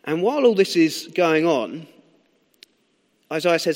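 A young man preaching a sermon in a conversational, animated way, asking the listeners questions as he explains and tells stories. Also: fairly high pitch, measured pace, long pauses. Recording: long hall reverb.

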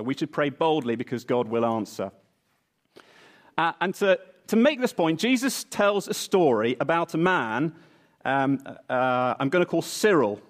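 A male preacher tells a story in a playful way. His voice sits a little high for a man and swings widely in pitch. He preaches from the front of a church. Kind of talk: sermon with storytelling.

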